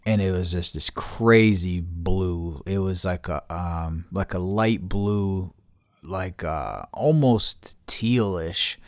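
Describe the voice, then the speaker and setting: A man's voice: low-pitched, takes it slowly, no room sound, studio quality. A man telling a story in casual podcast chat, profane, heated and rambling. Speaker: podcast host.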